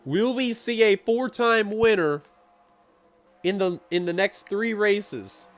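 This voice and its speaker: High-pitched excitable male race caller. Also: slow, faint music behind. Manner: excitable, builds to shouting at the finish. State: out of breath. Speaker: race commentator. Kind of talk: sim racing play-by-play commentary.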